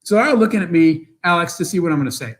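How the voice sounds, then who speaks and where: A man, a guest entrepreneur, telling motivational stories in an interview in an animated, quick way. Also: fairly high pitch, low-quality recording. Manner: animated, fast storyteller with bursts of laughter.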